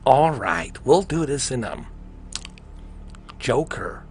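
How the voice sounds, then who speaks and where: Male streamer, mid pitch, lively swings, excitable rambling chat with casual swearing. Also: takes it slowly, long pauses, slight background noise. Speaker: gaming live streamer. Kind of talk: casual live-stream commentary.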